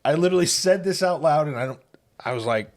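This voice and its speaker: A man's voice: fairly high pitch, animated, fast. A man hosting a podcast, telling a self-mocking story in casual chat. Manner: self-mocking anecdote teller.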